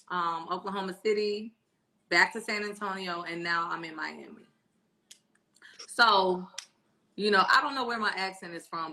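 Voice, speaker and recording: Brash, bright-voiced woman host. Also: lowish voice. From born in Spain, raised in Florida and Texas. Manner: brash, teasing, swears freely. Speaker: livestream co-host reading comments. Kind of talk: casual live-stream chat.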